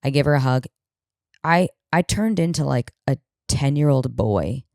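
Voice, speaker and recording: A woman in her thirties with a low, dusky voice tells a comedic story on her podcast. She is animated and self-mocking, drops swear words freely, and keeps shifting into quoted voices. The sound is close and dry, with no room around it. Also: normal speed, gravelly, no echo. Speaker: podcast host.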